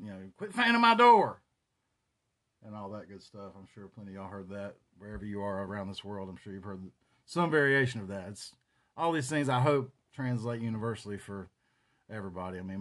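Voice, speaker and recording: A man in his forties with a North Carolina Southern accent, hosting a solo podcast and reminiscing in a rambling, profane, casual way. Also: fairly low pitch. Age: 40s. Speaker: podcast host.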